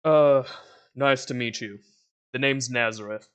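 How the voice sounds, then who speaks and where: A man voicing a huge, stern male guardian warrior clad in armor, speaking slowly and deliberately. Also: medium pitch, fairly bright tone, clean tone, lightly acted. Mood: measured. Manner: slow, measured, drawn-out. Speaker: game master voicing a character.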